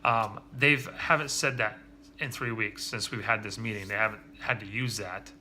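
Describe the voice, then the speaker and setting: Earnest man in his thirties, bright forward voice, confessional vlog delivery, faint room noise behind. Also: lowish voice, steady tone. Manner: earnest, confessional, halting with restarts. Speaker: father vlogger. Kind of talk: candid personal vlog.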